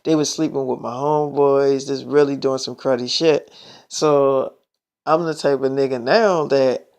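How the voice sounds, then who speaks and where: A man's voice: mid-range voice, fairly even intonation, measured pace, a little mellow, clean tone. A young man telling a personal story in a casual way, blunt and slangy with plenty of profanity.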